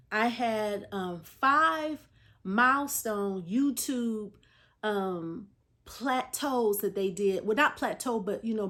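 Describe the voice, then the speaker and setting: A woman hosting a casual solo podcast, talking straight to her listeners in a chatty, animated way and laughing between remarks. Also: on the high side. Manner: chatty and animated, often addressing listeners directly; frequent fillers and restarts. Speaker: podcast host.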